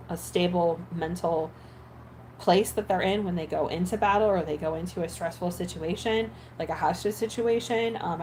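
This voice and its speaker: A woman's voice: fairly low pitch, a little mellow, slight background noise, low-quality recording. A woman who makes ASMR videos chatting casually while editing, rambling with many fillers and restarts. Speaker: ASMR creator.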